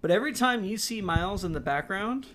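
A man's voice: sits high, lively intonation, a little fast, a bit bright. Enthusiastic man riffing on a movie. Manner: enthusiastic, chimes in with jokes and details. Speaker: podcast co-host. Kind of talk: casual movie recap chat.

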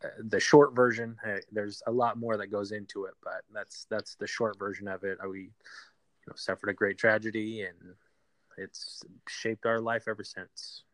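A man telling a painful personal story in an interview, halting with many fillers and restarts. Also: on the low side, little pitch movement, a bit bright, no echo. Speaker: guest.

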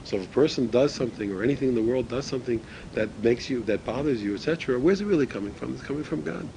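A male Torah teacher gives a class in a loose, conversational way, often restarting sentences. He asks his listeners rhetorical questions in a middle-pitched voice. Faint noise runs under the recording. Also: animated, very fast, gravelly, mellow, rough recording. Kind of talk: religious ethics class.

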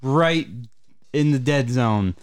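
A man from Michigan spins a long, swearing road story on a podcast, rambling and casual. His voice is smooth and resonant at an everyday middle pitch. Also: slow. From Michigan, USA. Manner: profane, rambling anecdote-telling. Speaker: podcast co-host.

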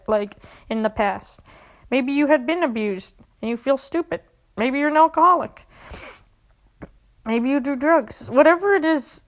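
Earnest woman guiding a self-help exercise. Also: a little high. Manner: earnest and emotional, talks through tears at times. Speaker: podcast host.

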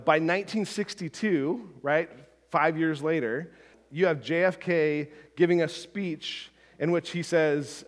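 A man's voice: fairly high pitch, expressive, unhurried, a bit bright, in a large hall. A man preaching a sermon as a pastor, talking conversationally with frequent asides and restarts.

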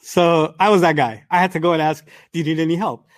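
Guy teaching quran, high voice, chatty storyteller, dry close sound. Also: quick pace, no room sound. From New York, United States. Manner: animated, conversational, acts out dialogue. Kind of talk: Quran lesson with personal storytelling.

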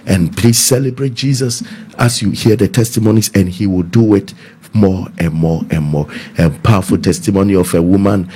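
A man's voice: low voice, moderate pace, mellow, slightly rough. A man preaching as pastor, emphatic and repeating his key phrases. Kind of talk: preaching and appeal for offerings.

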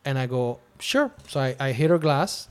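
A man's voice: mid-range voice, fairly quick, smooth. A man hosting a podcast, telling a long personal story in casual chat and acting out what people said. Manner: animated, acts out quotes of himself and others. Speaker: podcast host.

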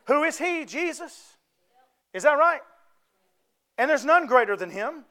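A man's voice: extremely high pitch, very animated, unhurried, pushed and bright. A man preaching a sermon, folksy and conversational, often asking the congregation to answer back.

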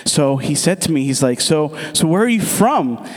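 A man's voice: fairly high pitch, big pitch swings, normal speed. A man from the States giving a sermon testimony, telling his story with animation and acting out the dialogue. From United States. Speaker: church speaker giving testimony. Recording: long reverb of a large hall.

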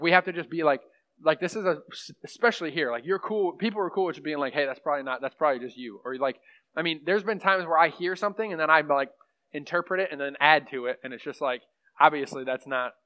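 A young man teaching on prophecy in a casual, rambling sermon style, full of fillers and asides to the room. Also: on the high side. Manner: rambling, conversational, lots of fillers. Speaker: pastor teaching a class. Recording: muffled lo-fi room recording.

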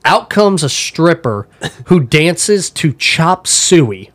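A man telling crude stories in a casual podcast chat, talking fast and laughing often. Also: on the high side, very animated, a bit bright. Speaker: podcast guest. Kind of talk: casual storytelling.

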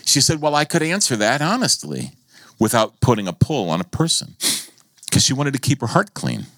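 An American man preaching a sermon as pastor, telling a story with laughs and sudden high-pitched exclamations. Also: huge pitch swings, moderate pace, a bit bright, no room sound.

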